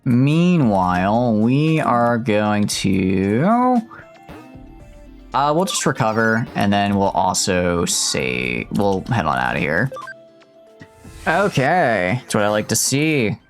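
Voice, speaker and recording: A man's voice: fairly low pitch, big pitch swings, slow, soft background music. Rambling young male streamer. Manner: rambling, jokey. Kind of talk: casual gameplay commentary.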